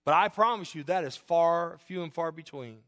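A middle-aged man, preaching a sermon as pastor. His voice sits high for a man. He talks in an animated way and keeps slipping into the voices of his listeners and of the people in his stories. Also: normal speed.

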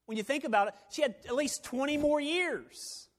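High-voiced preaching pastor. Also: male voice, normal speed. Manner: animated preaching that drops to near-whispers; folksy, joking asides. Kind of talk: sermon. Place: church sanctuary, evening service.

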